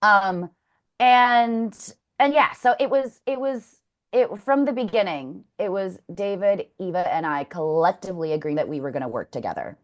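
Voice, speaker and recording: A woman speaking at an everyday middling pitch, candid and blunt as an interview guest. She swears freely and throws herself into telling stories. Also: lively intonation, normal speed, highs cut off. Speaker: former contestant, interview guest.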